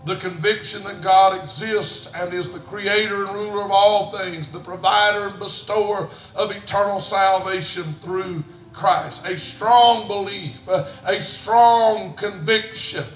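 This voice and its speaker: A middle-aged man preaching a sermon as pastor, swinging from hushed storytelling to shouted preaching. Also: high-pitched, steady tone, measured pace, few pauses, echoey room, faint music behind. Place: church sanctuary.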